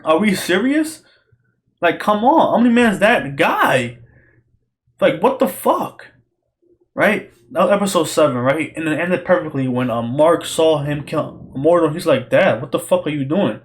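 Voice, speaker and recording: Young guy hyped up ranting about a show, lots of slang and swearing, voice sits a bit high. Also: unhurried. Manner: excited, profane, repetitive slang-heavy talk. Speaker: podcast host reviewing a show. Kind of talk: casual solo rambling review.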